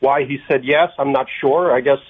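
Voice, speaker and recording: A man's voice: mid-range voice, fairly even intonation, slightly rough. Man on a tinny phone line. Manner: halting, many ums and restarted phrases. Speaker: guest interviewed by phone. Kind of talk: radio interview answers.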